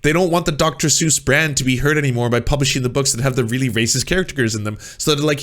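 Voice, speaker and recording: A man's voice: medium pitch, fast, few pauses, a bit bright. Sarcastic man reacting to clips. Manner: sarcastic, mocking, rising to exasperated emphasis. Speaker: commentary channel host. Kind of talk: reaction commentary.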